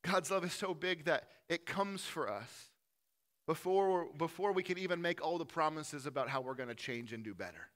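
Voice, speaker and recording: A man preaching a sermon in a church, impassioned, building to loud lists and dropping to soft pleading. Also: mid-range voice. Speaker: pastor.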